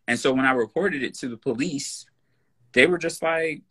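A man's voice: medium pitch, moderate pace, fairly bright tone, slightly rough. A man speaking as a guest in a casual podcast conversation, emphatic, blunt and profane. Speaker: personal trainer.

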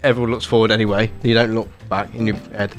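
A man's voice: on the low side, little pitch movement, fast talker, soft background music. Inquisitive man asking questions. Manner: curious, keeps asking questions. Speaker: podcast co-host. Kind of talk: casual banter.

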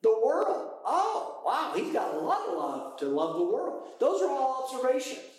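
A British man leading a Bible study group, teaching with lively, animated explanations and sudden exclamations. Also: extremely high pitch, measured pace. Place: room with a small study group. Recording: echoey, poor quality recording.

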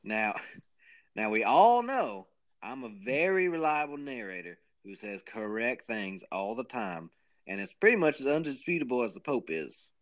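A man's voice: mid-range voice, big pitch swings, a little slow. Joking man hosting a podcast. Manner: joking, rambling, self-mocking. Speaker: podcast co-host. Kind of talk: casual chat.

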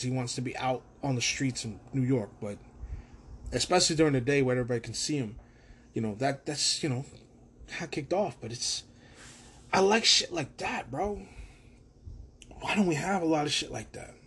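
A man hosting a casual solo podcast from his own room, rambling, swearing and animated. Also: mid-range voice, husky. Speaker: podcast host.

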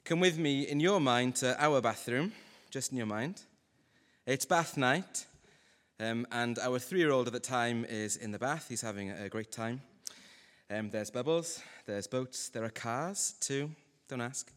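A man preaching a sermon in a relaxed, conversational, humorous way to a congregation. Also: medium pitch, a little slow. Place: church hall. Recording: long hall reverb.

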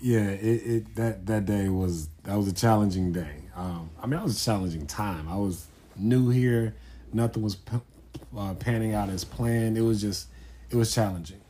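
A man co-hosting a podcast, talking in a calm, measured way in a casual chat. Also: lowish voice, a little hiss or hum. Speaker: podcast co-host.

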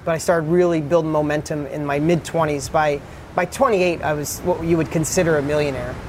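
A middle-aged man telling his life story as a podcast guest, animated and blunt, swearing freely. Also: fairly high pitch, a little fast, background noise. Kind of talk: candid storytelling.

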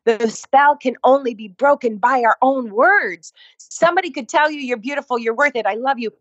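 A woman's voice: sits high, moderate pace, fairly bright tone, slightly rough, no room sound. Woman, fitness instructor, emphatic storyteller, repeats lines for punch, dull dry recording. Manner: emphatic, repeats phrases for effect. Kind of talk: storytelling in a conversation.

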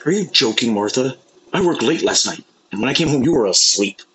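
An actor playing a paranoid, confused husband in a scripted sketch, speaking in stiff, formal phrases. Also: male voice, medium pitch, very animated, brisk, a bit bright, slight background noise, low-quality recording. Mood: bewildered.

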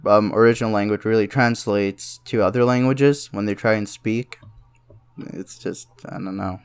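A young man co-hosting a casual chat, swearing often and laughing through animated banter. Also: mid-range voice. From South India. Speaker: podcast co-host.

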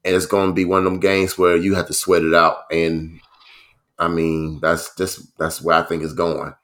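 A man co-hosting a casual sports talk show, relaxed and filling his speech with "you know" and "um". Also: low voice, normal speed. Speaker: podcast co-host.

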